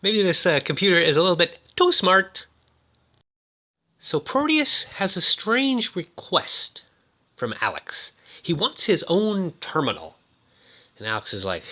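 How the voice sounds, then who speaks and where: A man's voice: sits high, sing-song, unhurried, pushed and bright. A man giving casual, jokey commentary on a movie, exclaiming often. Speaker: movie reviewer.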